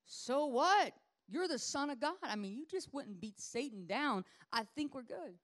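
A woman voicing a group of startled young male disciples, talking high and loud in disbelief. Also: animated, moderate pace. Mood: protesting. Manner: high-pitched, loud and incredulous. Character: excited bewildered male disciples, young men.

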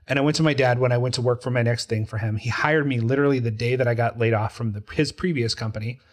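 A man's voice: mid-range voice, fairly even intonation, fast talker. A man in his forties in casual conversation, telling a personal story with feeling and acting out quoted voices. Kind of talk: casual chat about a TV show.

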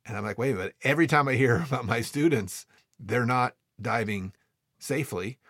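A man who teaches freediving, talking casually and telling stories in a quick, animated way, acting out what students said. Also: medium pitch, no echo, studio quality. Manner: animated, quick, acts out quoted people. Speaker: freediving instructor. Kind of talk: casual storytelling talk.

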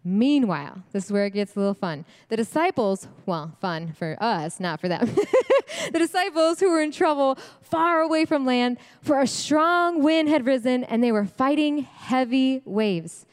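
A woman delivering a sermon at a women's event, animated and slangy, laughing often. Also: high voice, moderate pace. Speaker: speaker at a women's ministry event. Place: church event hall. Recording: long hall reverb.

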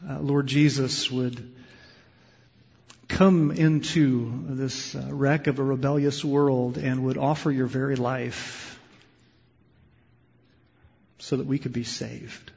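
A male pastor preaching a sermon, moving between loud, impassioned emphasis and quiet, hushed storytelling. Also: medium pitch, level tone, takes it slowly, gravelly, pauses often, slightly rough. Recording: lo-fi sound with long hall reverb.

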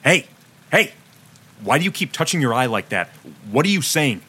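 A man voicing a gruff, cold 1850s detective who barks curt orders in a spoken story. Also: medium pitch, big pitch swings, moderate pace, pushed and bright, heavily acted. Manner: barking, curt, emotionless.

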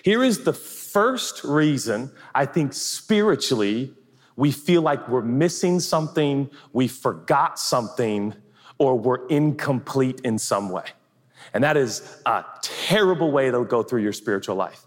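A man's voice: mid-range voice, expressive, unhurried. A man pastor giving a sermon in a large theater, talking in a conversational, humorous and emphatic way. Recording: live hall reverb.

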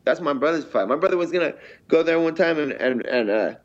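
A man's voice: a little high, animated, brisk. A man being interviewed as a fighter, talking bluntly and swearing a lot, often acting out things he said before. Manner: blunt, heavily profane, acts out his own past remarks. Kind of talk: casual interview talk. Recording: dull lo-fi sound.

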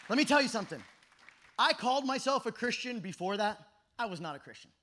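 A man in his thirties preaching an energetic youth sermon at a camp meeting, telling stories that swing from shouting to hushed. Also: very high voice, fast, a little hiss or hum. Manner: animated storytelling, shifts from shouting to hushed.

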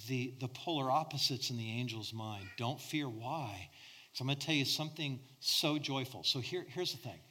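A middle-aged man preaching a sermon, swinging between loud emphasis and hushed near-whispers. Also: medium pitch. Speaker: pastor.

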